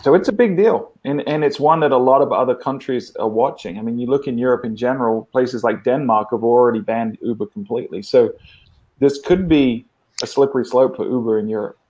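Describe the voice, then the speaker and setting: A man's voice: medium pitch, brisk, darkish tone. A man from England whose English accent carries a Southern US twang, chatting casually and explaining his views at length. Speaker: panelist. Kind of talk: casual chat.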